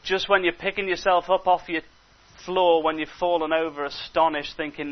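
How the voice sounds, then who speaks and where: A man preaching a sermon, animated, moving between hushed asides and emphatic exhortation. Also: a little high, normal speed. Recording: dull lo-fi recording.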